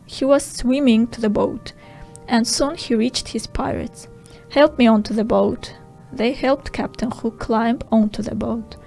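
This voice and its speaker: A woman narrating a storybook audiobook for language learners in a slow, clear and simple way. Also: fairly high pitch, steady tone, a little mellow, faint music behind, poor audio.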